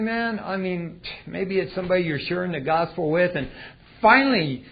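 Folksy, dynamic male preacher, higher voice. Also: expressive, normal speed, slightly rough. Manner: dynamic, swinging between loud and hushed, folksy. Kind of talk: sermon. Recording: dull lo-fi recording.

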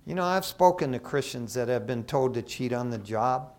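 A middle-aged man from Michigan, an associate pastor, preaching a sermon in a casual, storytelling way with lively asides. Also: mid-range voice, moderate pace. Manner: conversational, animated storytelling with asides.

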